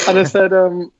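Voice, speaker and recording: A man's voice: sits high, no room sound, lo-fi sound. Chatty Englishman rambling through a story. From England. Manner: rambling, laughing, animated retelling. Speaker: podcast guest. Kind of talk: casual storytelling. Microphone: video call.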